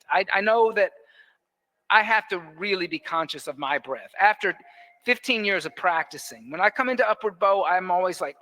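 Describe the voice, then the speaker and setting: A man with a bright, clear voice leads a yoga class in an indoor studio. He calls out poses and counts each breath in a steady rhythm, and he often teases his students playfully. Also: sits high. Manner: playful, teasing instructor who counts breaths aloud. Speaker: yoga teacher. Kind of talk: guiding a live yoga class.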